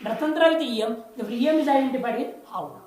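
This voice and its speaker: Woman teaching scripture, bit high voice, repeats stuff patiently, echoey room. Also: fast, a little mellow. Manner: explains patiently, repeating key words and chanting Sanskrit lines. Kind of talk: lecture on scripture.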